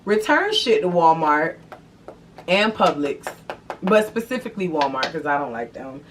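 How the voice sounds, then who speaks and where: A young woman chats to her camera in an animated, slangy, freely profane way, her voice sitting a little low. The mic is set back from her, with faint background noise underneath. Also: normal speed, distant mic. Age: young adult. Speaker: vlog host. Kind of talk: casual chat to camera.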